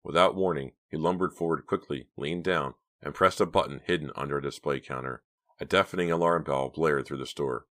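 A man narrating an audiobook in a quiet, steady reading voice. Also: rumbling low, brisk. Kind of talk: scripted narration.

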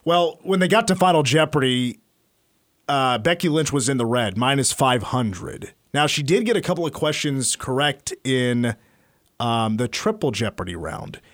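A man's voice: medium pitch, normal speed, no echo, clean studio sound. A man hosting a sports talk show, casually retelling sports stories. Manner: storytelling, animated retelling. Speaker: sports radio host.

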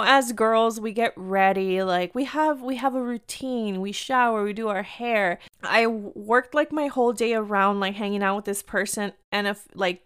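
A young woman telling a story in a casual, chatty way. Her voice is smooth and clear at a middle pitch. She acts out the quoted lines with lively energy.

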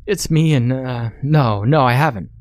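A man's voice: medium pitch, sing-song, measured pace, darkish tone, slightly rough, dry recording. A man voicing a frightened, nervous young male office worker who stammers in a panic. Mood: frantic.

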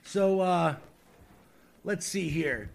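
A man's voice: high-pitched, extremely slow, gravelly. A man co-hosting a casual comedy podcast, mockingly reading song lyrics aloud and laughing often. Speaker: podcast co-host.

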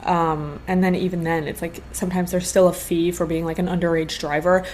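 A woman's voice: lowish voice, fairly quick, slight background noise. A woman in her twenties hosting a podcast, telling a casual storytime with lots of slang and swearing. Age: 20s. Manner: slangy, animated, swears freely. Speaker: podcast host.

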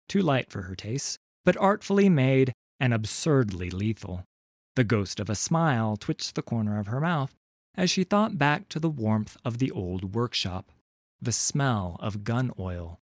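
A man narrating a fantasy story in a measured, expressive audiobook style on a close studio mic. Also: fairly low pitch, dry recording.

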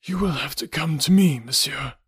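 A polite young English gentleman near death speaks in a faint, breathy voice, set somewhat above the reader's natural pitch, as a man plays him. The recording is dry and close, like a storybook read-aloud. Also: normal speed, dry recording, exaggerated voice. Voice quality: weak, breathy.

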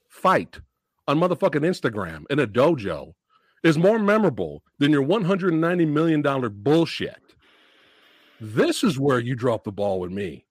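A man hosting a movie podcast, going on a profane, animated rant about a film and laughing between points. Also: on the high side, moderate pace, husky, no room sound, clean studio sound. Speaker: podcast host. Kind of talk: heated movie review rant.

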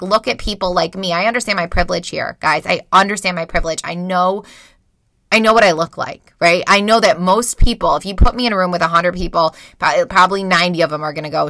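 Candid, bright-voiced woman in her thirties. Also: lowish voice, dry recording, studio quality. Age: 30s. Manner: frank, emotional, swears freely. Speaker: podcast host. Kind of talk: candid personal monologue. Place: small closet at home.

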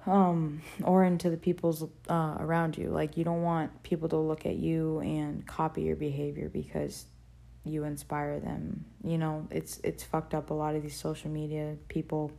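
A woman's voice: sits low, vocal fry, warm tone. A young woman hosting a podcast, talking candidly and rambling, swearing freely, with plenty of fillers. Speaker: podcast host. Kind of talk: casual confessional podcast talk.

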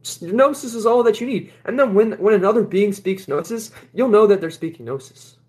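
Blunt, rambling man with a higher voice. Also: fairly quick, a little mellow. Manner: rambling, repeats words, laughs often; blunt and dismissive. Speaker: spiritual livestream host. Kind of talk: casual livestream talk.

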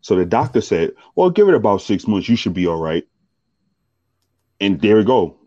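A man with a very deep voice, joking and laughing loudly in a casual chat. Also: sing-song, moderate pace, dry recording. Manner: boisterous, laughing banter. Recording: dry, dull lo-fi sound.

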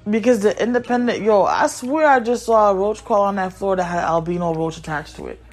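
A woman's voice: mid-range voice, fairly quick. A woman hosting a podcast who talks frankly and in a scattered way to her listeners, breaking off now and then to look after her kids. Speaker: podcast host and mother. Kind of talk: candid casual rambling to listeners.

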